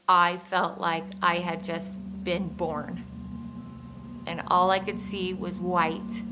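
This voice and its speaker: A woman recounting her own ordeal in measured, halting first-person testimony, with pauses and restarts. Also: medium pitch, low-quality recording.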